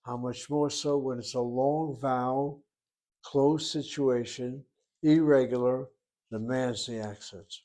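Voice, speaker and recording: Male teacher, mid-range voice, patient explainer who repeats each word slowly. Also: medium pitch, steady tone, warm tone. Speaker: Hebrew teacher. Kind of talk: recorded language lesson.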